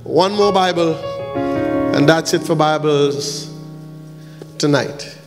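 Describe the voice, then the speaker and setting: Music plays in the background as a pastor in a large church hall speaks slowly in a fairly high-pitched voice. He distributes gifts during the service, joking and bantering with the congregation and now and then singing brief lines.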